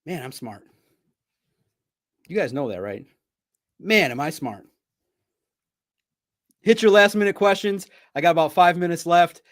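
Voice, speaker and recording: A man hosting a live sports talk stream, talking straight to his viewers in a playful, animated way. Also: on the high side, unhurried, pauses often.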